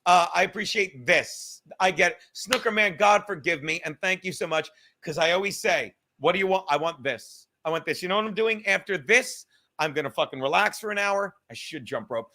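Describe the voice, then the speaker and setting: A young man hosting a livestream, talking in a profane, rambling, animated way. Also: high voice, normal speed. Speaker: livestream host. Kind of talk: casual livestream rant.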